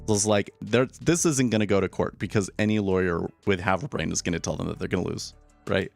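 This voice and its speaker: Gravelly-voiced man giving trading commentary. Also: low voice, a little fast, faint music behind. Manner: casual, opinionated, repeats words when starting sentences. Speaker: day trader streaming live.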